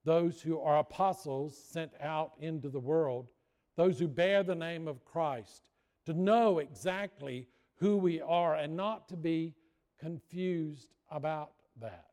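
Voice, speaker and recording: A man's voice: on the high side, slow, a little mellow. A man preaching a sermon, telling folksy stories and joking with the congregation. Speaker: pastor. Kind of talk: sermon with storytelling.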